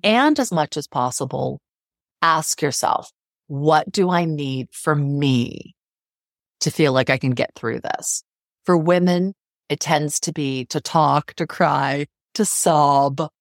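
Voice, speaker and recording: A middle-aged woman psychotherapist, guesting on a podcast interview, speaks slowly in a low-pitched voice. The studio-quality recording has no room sound. She is earnest and emphatic, repeating phrases to drive her point home.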